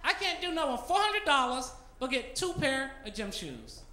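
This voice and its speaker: A man's voice: extremely high pitch, big pitch swings, moderate pace, exaggerated voice. A man doing a mouthy teenage son talking back. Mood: complaining. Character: mouthy teenage son arguing about money. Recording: roomy club with loud crowd.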